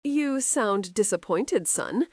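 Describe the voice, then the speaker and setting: A woman's voice: mid-range voice, animated, slow, no echo, clean studio sound. A woman reading a hearty old nobleman. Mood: jovial. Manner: cheerful and teasing. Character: jovial older male nobleman, hearty and brisk.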